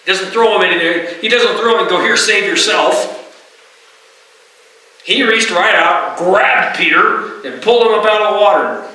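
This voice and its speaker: Middle-aged pastor preaching in a roomy church. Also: male voice, sits high, a little fast, few pauses, pushed and bright. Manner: conversational, often asks the congregation "right?". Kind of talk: sermon. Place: church sanctuary. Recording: roomy hall, distant mic.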